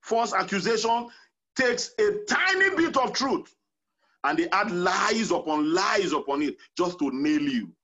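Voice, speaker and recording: A man's voice: sits high, pushed and bright, highs cut off. A man preaching a sermon as pastor, emphatic and counting off numbered points.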